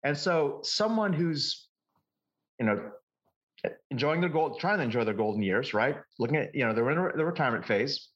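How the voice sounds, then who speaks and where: Brief: male coach guest, mid-pitched, animated storyteller who restarts a lot, muffled lo-fi recording. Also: moderate pace. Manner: animated, lively anecdotes with frequent restarts. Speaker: market forecasting coach, guest. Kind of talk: conversational interview storytelling.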